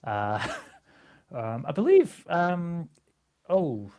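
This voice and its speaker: Lively man, laughing. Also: on the high side, very slow. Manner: animated, laughs often, slips into character voices. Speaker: guest game master. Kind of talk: casual chat about voice acting.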